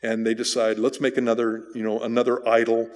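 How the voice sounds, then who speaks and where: A man's voice: medium pitch, monotone, fairly quick, a little mellow. A man, a pastor, giving a casual, conversational sermon full of restarts and asides. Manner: casual, rambling with restarts and fillers. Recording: church hall with long reverb.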